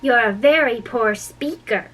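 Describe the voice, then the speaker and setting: Woman doing a sharp, angry storybook king. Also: on the high side, unhurried, breathy edge, recorded from a distance. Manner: sharp, threatening. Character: angry impatient bullying old male king. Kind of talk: storybook read-aloud.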